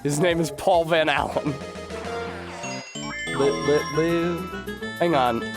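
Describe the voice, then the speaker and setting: A man's voice: on the high side, steady tone, takes it slowly, over music. A man with a Rhode Island accent, chatting casually and wordily while streaming a game. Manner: articulate, wordy, self-mocking. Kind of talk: casual gaming livestream chat.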